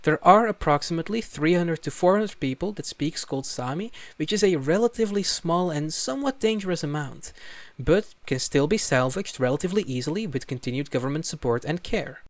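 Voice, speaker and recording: A man's voice: on the high side, animated, a little fast, no echo. A man narrating an educational video in a scripted style, with wry, casual asides and sudden emphatic jumps. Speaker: language video creator.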